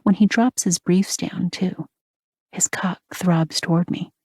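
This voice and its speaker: Breathy low-voiced woman narrator. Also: steady tone, slow pace, darkish tone, no echo, clean studio sound. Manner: breathy, half-whispered intimate reading. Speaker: audiobook narrator. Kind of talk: first-person romance audiobook narration.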